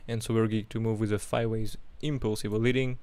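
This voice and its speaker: A man's voice: lowish voice, flat delivery, brisk, a little mellow, clean tone, no echo. A man with a French accent hosts a live chart analysis, talking casually and thinking aloud, often humming while he works. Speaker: host.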